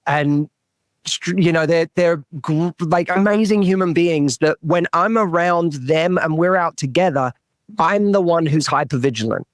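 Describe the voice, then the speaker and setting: A man speaks in a slightly higher register, earnest and searching as he tells a story, often stumbling and restarting mid-sentence. The sound is close and dry, with almost no room around it. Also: measured pace, clear, resonant tone, no echo. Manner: earnest, restarts and repeats words while telling a story. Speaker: relationship coach, podcast guest. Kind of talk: storytelling in a podcast interview.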